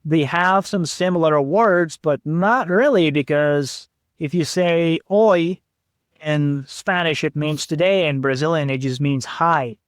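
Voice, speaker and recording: Laid-back man with a raised pitch. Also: unhurried, dry recording, studio quality. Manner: laid-back, swearing, says "like" and "dude". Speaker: podcast host. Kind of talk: casual storytelling chat.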